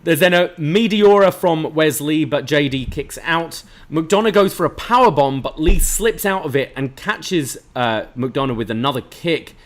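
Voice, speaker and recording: A man co-hosting a podcast, walking through a wrestling show move by move in a relaxed, chatty way. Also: on the high side, normal speed, hardly any pauses. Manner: play-by-play retelling with fillers. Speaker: podcast co-host. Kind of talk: casual wrestling recap.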